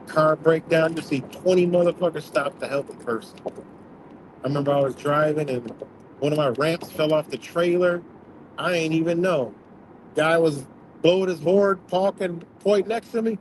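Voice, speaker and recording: A man with a slightly high voice rants bluntly and profanely, rambling from story to story as host of his own livestream. Steady road noise hums loudly behind him, as if he is talking from inside a moving vehicle. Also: moderate pace. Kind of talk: casual rant.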